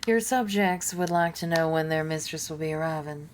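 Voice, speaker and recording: A woman voicing a dutiful male ship's helmsman who reports in quickly. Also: sits low, slight background noise, lightly acted.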